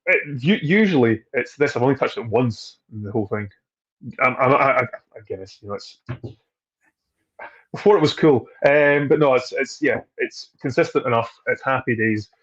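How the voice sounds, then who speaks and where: A man's voice: mid-range voice, lively intonation, normal speed, fairly bright tone, dull audio. A man, a distillery trade guest chatting casually on a video call, talking freely with restarts and frequent laughs. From Scotland.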